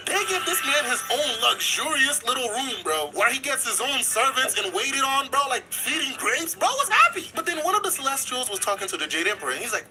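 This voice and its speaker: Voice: mid-range voice, big pitch swings, a little fast, few pauses, sharp tone, faint music behind, rough recording. A channel narrator retelling an old myth as casual, slang-heavy comedy.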